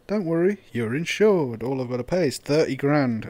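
A young man giving casual, sweary gameplay commentary, swinging into loud disbelief and laughter. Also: medium pitch, expressive, a little slow, dry recording. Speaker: gaming YouTuber.

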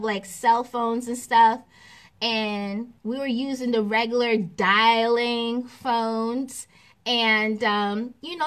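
Woman, spiritual teacher, casual class talk, animated, slow, slightly high voice. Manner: animated, repetitive, laughs often, acts out examples.

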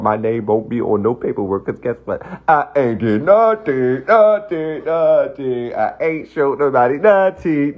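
A man's voice: fairly high pitch, lo-fi sound. A man delivering a defiant, profane livestream rant, repeating himself as he dismisses the people criticizing him. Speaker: social media personality.

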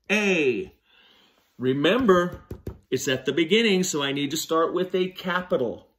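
A man leads a handwriting lesson for small children, speaking slowly and patiently. His voice sits a little high and swoops up and down in a lively, sing-song way as he talks them through each stroke. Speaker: teacher.

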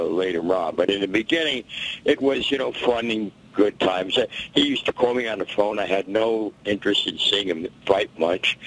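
An older man, a boxing historian, telling stories in an interview and acting out the quotes with animated energy. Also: lowish voice, rough recording. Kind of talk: interview storytelling.

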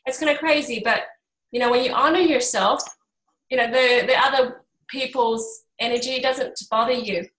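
A middle-aged woman, an energy healer, chats casually with a small workshop group in a fairly high voice at a moderate pace. She tells stories animatedly, acting out quoted voices, and the recording has a roomy echo.

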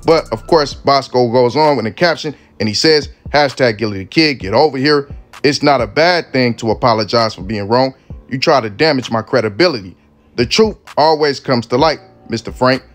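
A man hosting commentary over clips, talking in relaxed street slang. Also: mid-range voice. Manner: laid-back street slang, conversational. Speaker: commentary channel host.

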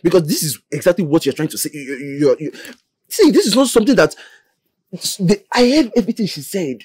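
A man's voice: high voice, animated, brisk, darkish tone, husky, no echo, clean studio sound. An insistent, stammering young man. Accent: Nigerian. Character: insistent young man Carlos swearing he saw everything.

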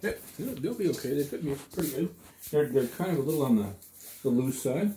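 A man's voice: fairly high pitch, expressive, a little fast, warm tone, slight background noise. An easygoing man chatting casually and chuckling. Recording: echoey room.

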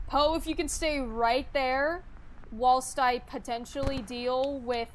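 A woman's voice: sits high, fairly even intonation, takes it slowly, a little hiss or hum, low-quality recording. A young adult woman streaming a horror game live, panicking, swearing and repeating herself under stress. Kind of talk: live gameplay reaction.

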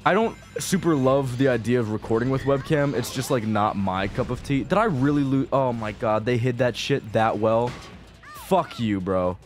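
A man's voice: medium pitch, moderate pace. A young man giving casual, profane gameplay commentary as a video creator, rambling and frustrated, dropping to mutters and then bursting out. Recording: faint game music behind.

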